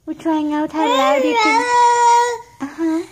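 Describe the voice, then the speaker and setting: A woman's voice: very high voice, animated, unhurried. A mother coaxing her baby in sing-song baby talk at home. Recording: loud background noise in a home video.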